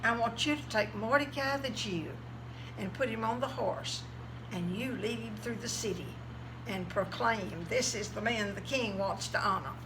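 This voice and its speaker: Lady reading a bossy king in a kids bible story, gravelly voice, noisy recording. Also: fairly high pitch, moderate pace, natural voice. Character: commanding adult male king of a palace.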